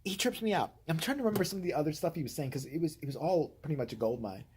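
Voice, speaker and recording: Husky, amused male vlogger. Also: fairly high pitch, animated, racing, darkish tone. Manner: amused, offhand. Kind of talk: casual vlog storytelling.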